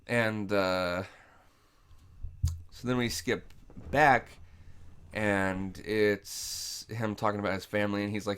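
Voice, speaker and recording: A man hosting a podcast, giving a casual, profane, rambling movie recap and clearing his throat often. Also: on the low side, fairly even intonation, slow pace, pauses often, a bit bright. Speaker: podcast host.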